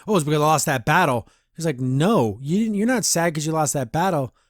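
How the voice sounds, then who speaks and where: Man, podcast host, rambling cartoon review, fairly high voice, dry close sound. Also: expressive, fairly quick, dry recording. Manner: rambling, acts out characters' lines; laughs often. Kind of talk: casual episode review.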